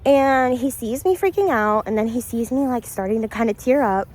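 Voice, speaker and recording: A woman's voice: fairly high pitch, normal speed, darkish tone, a little hiss or hum. A woman vlogger telling a story to camera in a casual, chatty way, speaking straight to her viewers and laughing often. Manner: laughs often between lines.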